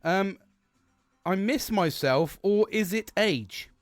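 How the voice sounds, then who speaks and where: A man's voice: sits high, expressive, takes it slowly, no room sound, faint music behind. A man in his forties, a podcast host, rambling through a frank monologue with constant swearing and self-mockery.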